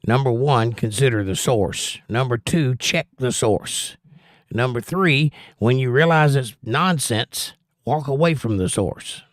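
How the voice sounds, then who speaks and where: A Southern US man hosts a casual livestream, reading out chat messages and answering them with blunt, preachy opinions. His voice sits at an ordinary middle pitch and sounds close and dry, with no room echo. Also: unhurried.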